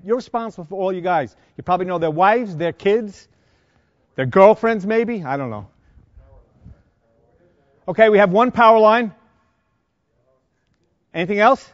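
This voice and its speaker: A middle-aged man with a New York accent, lecturing a class of firefighters and quizzing them with quick questions. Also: high voice, dry recording. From Long Island, New York. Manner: quizzing the audience with rapid questions. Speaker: fire service instructor. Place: conference lecture room. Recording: dry, dull lo-fi sound.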